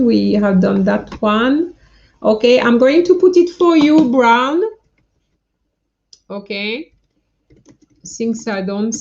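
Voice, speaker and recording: A woman's voice: mid-range voice, gravelly, a little mellow, dull audio. A woman teaching French in a live online lesson, patiently going through her students' answers and correcting them one by one.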